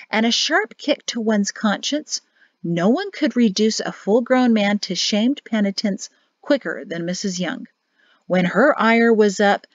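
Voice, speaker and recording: A woman's voice: mid-range voice, no room sound. Give me a woman narrating an audiobook steadily, recorded dry and dull. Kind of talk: scripted narration.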